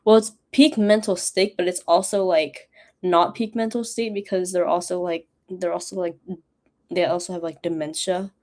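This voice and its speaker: A woman's voice: on the low side, fairly even intonation, normal speed, darkish tone. A young woman, a college student, rambling casually on her study stream with self-mocking asides. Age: young adult.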